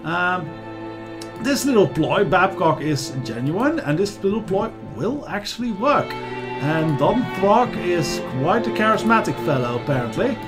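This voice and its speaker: Animated high-voiced game commentator. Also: male voice, measured pace, music in the background. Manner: rambling, animated, lots of fillers. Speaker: let's play host.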